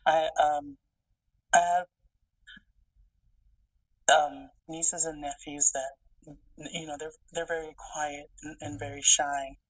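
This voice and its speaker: Hesitant, soft-spoken podcast guest. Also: medium pitch, level tone, slow, pauses often, no room sound. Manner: soft, hesitant, many fillers. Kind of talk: casual interview chat. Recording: dry, distant mic.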